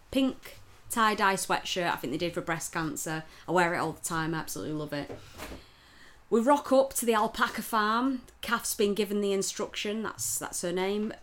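A woman's voice: on the low side, a little hiss or hum. A woman, co-hosting a podcast and telling an annoyed, sweary story in casual chat. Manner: sweary, animated storytelling with bursts of emphasis. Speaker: podcast co-host.

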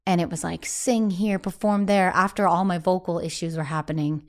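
A young adult woman, a singer-songwriter being interviewed, talking candidly and casually, with frequent "like" fillers and lively acted-out quotes. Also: lowish voice, normal speed. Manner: chatty, many "like" fillers, acts out quoted voices.

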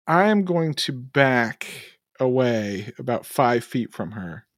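Male player, lively and playful, higher pitch, dry sound. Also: takes it slowly, no echo. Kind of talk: tabletop game play.

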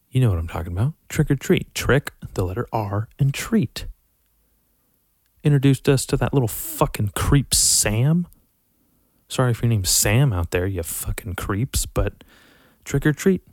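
A young man rambling casually through horror movie picks, profane and animated, sighing often. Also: fairly low pitch, dry recording, studio quality. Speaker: vlogger reviewing horror movies. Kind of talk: casual rant to camera.

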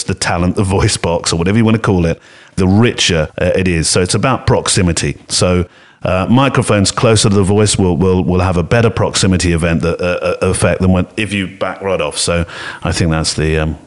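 A man co-hosting a podcast in an echoey home studio room, talking in a chatty, rambling way with a smooth, velvety voice and frequent laughter. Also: low voice, a little fast. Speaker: podcast co-host. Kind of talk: casual podcast chat. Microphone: podcast mixing desk microphone.

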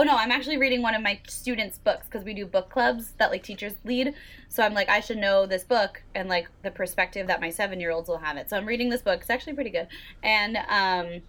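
A woman's voice: mid-range voice, fairly bright tone. A young woman and teacher co-hosting a podcast, chatting casually with lots of laughs and filler words. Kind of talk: casual chat.

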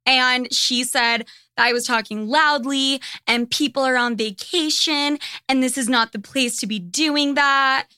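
A woman hosting a podcast talks in a frank, profane, unfiltered way. Her voice sits a little high with a bright, forward edge. The sound is close and dry, with no room around it. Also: unhurried, few pauses, smooth, no room sound. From United States. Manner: blunt, profane and candid. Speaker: podcast host. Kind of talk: casual monologue.

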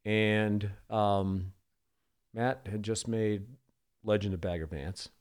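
A middle-aged man from the Boston area talks as a guest on a casual interview, with a fairly low voice. He rambles through anecdotes, pausing on frequent ums. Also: fairly even intonation, darkish tone, smooth. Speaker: sportscaster guest.

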